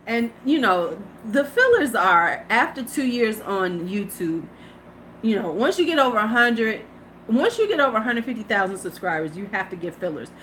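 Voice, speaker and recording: A chatty woman in her fifties hosts a beauty live stream, her voice bouncing up and down as she laughs and greets viewers. Her pitch sits a touch high. A faint hiss runs under the recording. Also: big pitch swings, moderate pace, a bit bright. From United States. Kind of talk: casual live-stream chat.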